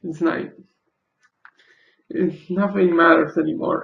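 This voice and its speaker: A young man speaks through tears in a confessional vlog, his voice gravelly and flat as he stops and restarts broken sentences. He talks slowly, with long gaps. The recording is dull and lo-fi. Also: on the high side, echoey room. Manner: halting, broken sentences and repeated curses. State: crying. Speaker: video creator.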